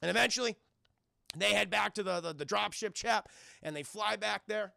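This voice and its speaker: A man's voice: high-pitched, moderate pace, vocal fry, bright, forceful tone, no echo, clean studio sound. A man casually recapping a movie for his livestream chat, rambling and profane, calling out to the chat every few lines. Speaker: film reviewer streaming live.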